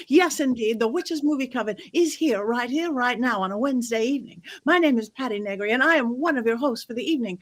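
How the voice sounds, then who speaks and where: A woman's voice: high voice, a little fast, few pauses. A woman hosting a livestream movie show, introducing guests with upbeat, theatrical flair. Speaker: host.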